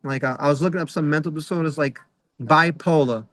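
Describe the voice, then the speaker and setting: A man's voice: a little high, brisk, a bit bright, no room sound, low-quality recording. A middle-aged man doing a rambling stand-up comedy set over a video call, full of fillers and acted-out quotes. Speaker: stand-up comic.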